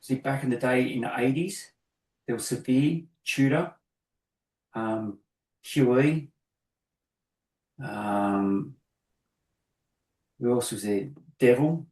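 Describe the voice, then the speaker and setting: A man's voice: mid-range voice, takes it slowly, pauses often. A middle-aged Australian man telling anecdotes in casual chat, acting out both sides of each story. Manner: animated, acts out both sides of his anecdotes. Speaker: guest graffiti artist. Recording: echoey room.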